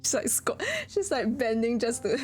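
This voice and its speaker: A woman with a slightly high voice chats casually with her stream viewers at a normal pace, soft music playing behind her. She tells stories in an animated way and giggles and laughs often.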